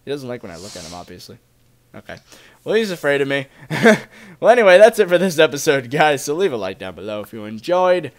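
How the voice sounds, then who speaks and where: A man's voice: on the high side, a little fast. A young man giving casual, chatty commentary as he plays a video game, talking to his viewers. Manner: chatty, excitable, talks to viewers. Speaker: Let's Play gamer.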